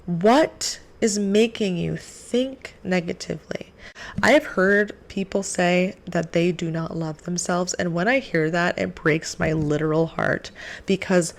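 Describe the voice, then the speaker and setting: Young woman with a low, gravelly voice for an earnest, casual faith vlog. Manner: earnest, animated, lots of "like". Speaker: faith vlogger. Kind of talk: casual faith talk to camera.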